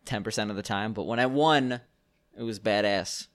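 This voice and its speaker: A man co-hosting a podcast, joking and quick to laugh in casual banter over a call. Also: lowish voice. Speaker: podcast co-host. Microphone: remote call.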